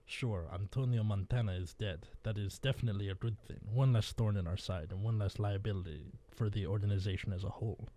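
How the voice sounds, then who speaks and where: A man's voice: on the low side, brisk, few pauses, mellow, natural voice. A man voicing a scheming male drug lord boss with a clumsy put-on Spanish accent that comes out sounding Russian.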